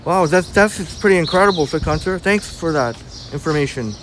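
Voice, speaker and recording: A man with a somewhat high, bright voice speaks fairly quickly while hosting an outdoor walking stream on a city street. He reads viewer chat and greets people by name, and a little hiss or hum runs under the audio.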